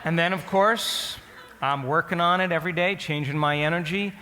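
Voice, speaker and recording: A man's voice: a little high, moderate pace, in a large hall, noisy background. A man telling a story to an audience as a lesson. He asks them direct questions and acts out his own past thoughts. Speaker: speaker teaching an audience. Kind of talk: storytelling lecture.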